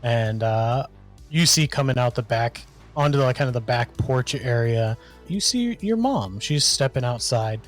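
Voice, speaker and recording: A man's voice: mid-range voice, expressive, normal speed, soft background music. Male game master narrating loosely. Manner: loose, hesitant, full of restarts.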